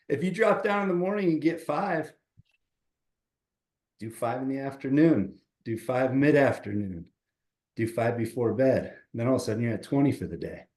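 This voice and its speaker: A man's voice: mid-range voice, expressive, normal speed, pauses often, roomy sound. A man speaking as a motivational coach on a podcast, upbeat and encouraging, giving advice in a casual chat over a remote call. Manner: upbeat, counts push-ups loudly and out of breath.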